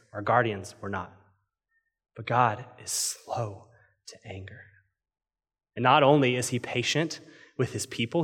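A man in his thirties preaching a sermon, telling a story with animated swings from loud excitement to quiet intensity. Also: mid-range voice. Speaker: pastor. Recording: long hall reverb.

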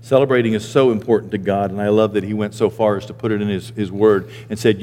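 A man in his sixties, a pastor, preaching a sermon and telling stories, now and then jumping into high squeaky voices for the people he quotes. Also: fairly even intonation, quick pace, few pauses, darkish tone, long reverb tail. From Maine. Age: 60s. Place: church sanctuary.

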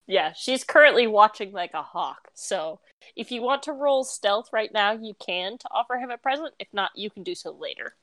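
A woman running a tabletop game as game master, narrating in a lively, chatty way. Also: medium pitch, moderate pace, dry recording. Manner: lively, chatty, with laughs and fillers.

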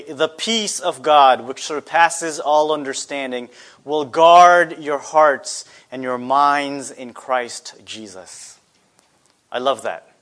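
A man's voice: medium pitch, a bit bright. A man preaching a sermon earnestly, asking his listeners rhetorical questions. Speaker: pastor.

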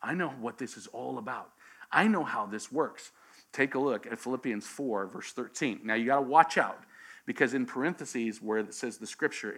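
Bright, animated male preacher. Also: a little high. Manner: animated storytelling with humor. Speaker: pastor. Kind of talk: sermon.

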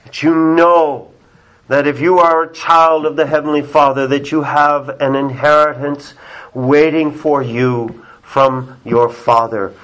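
Pastor guy preaching slow, kinda high voice, gets loud then drops real quiet. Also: flat delivery, poor audio. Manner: emphatic preaching, swinging between loud cries and hushed low passages. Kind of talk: sermon.

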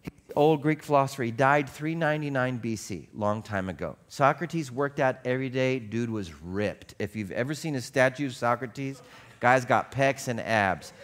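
Male pastor, casual sermon, chatty and humorous, mid-pitched voice. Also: normal speed, fairly bright tone. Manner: conversational, joking, storytelling.

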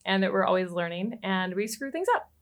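A woman, a relationship coach, telling a personal story as a podcast guest, lively and quick to laugh. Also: mid-range voice. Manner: animated, laughs often and acts out quoted lines.

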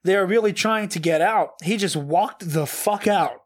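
High-voiced man, animated and profane. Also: normal speed. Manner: animated, profane, frequent laughter. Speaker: host reading reaction notes. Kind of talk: casual comedic chat.

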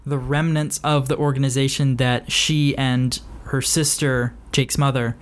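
A man's voice: mid-range voice, little pitch movement, unhurried. Hesitant man in easygoing podcast talk. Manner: hesitant, restarts with ums. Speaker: podcast host and author. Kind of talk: casual chat.

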